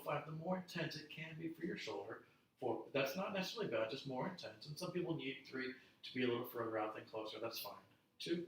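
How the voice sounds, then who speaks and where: A man leading a guided strength workout, counting reps calmly and encouraging the class. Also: mid-range voice, a little hiss or hum. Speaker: strength instructor. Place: home studio. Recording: echoey room, mic at a distance.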